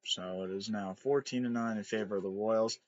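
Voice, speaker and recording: A tired man giving live game reaction commentary, frustrated and swearing, now and then breaking into shouts. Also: fairly low pitch, steady tone, brisk, muffled recording. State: exhausted.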